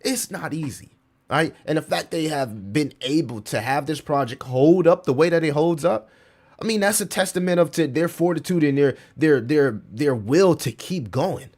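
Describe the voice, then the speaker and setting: A man running a casual livestream, talking in a loose slangy way and dropping curses as he answers his chat. His pitch swings widely, from low mutters to sudden high bursts. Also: normal speed. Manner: animated, slangy, swears, reads chat aloud. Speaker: crypto livestream host.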